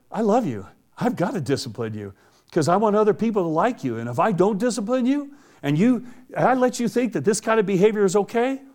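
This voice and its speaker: A man's voice: a little high, a little mellow. Folksy, laughing middle-aged male preacher. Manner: folksy, laughs often, tells stories with animation. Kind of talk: conversational sermon.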